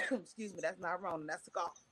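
A woman's voice: lowish voice, measured pace, breathy edge. A middle-aged woman, a stand-up comedian, telling a long personal story in casual chat, acting out quotes from the people in it. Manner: animated, quotes people in voices, emotional.

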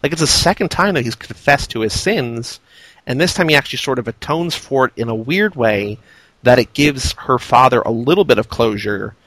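A man's voice: mid-range voice, lively intonation, normal speed, a bit bright, dry recording, poor audio. A man casually discussing a film, thoughtful and interpretive, often hedging with "sort of". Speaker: podcast co-host.

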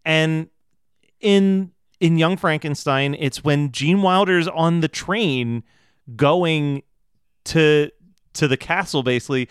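Smooth-voiced man, dry close sound. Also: a little high, slow, no room sound. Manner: thoughtful, hedging, laughs along, quotes lines in a raised voice. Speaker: podcast co-host. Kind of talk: casual film chat.

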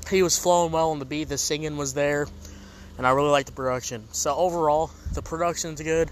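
A man's voice: fairly high pitch, fairly bright tone, a little hiss or hum. A man hosting a casual comedic music review show, rambling and joking in a laid-back way.

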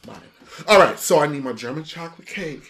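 Loud, profane podcast co-host. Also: lively intonation, a little fast. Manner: loud, profane, emphatic with big pitch swings. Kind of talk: casual chat.

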